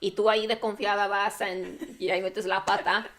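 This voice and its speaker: A woman's voice: mid-range voice, little pitch movement, fast, fairly bright tone. A woman hosting a casual chat who rambles with many fillers, laughs often and mixes Spanish phrases into her English. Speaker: podcast host.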